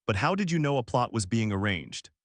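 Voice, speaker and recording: A proud young noblewoman heir speaks in a soft, awkward way, as a man reads her lines. Her delivery moves up and down with animation, and the recording is close and dry. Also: medium pitch, sing-song, brisk, no room sound.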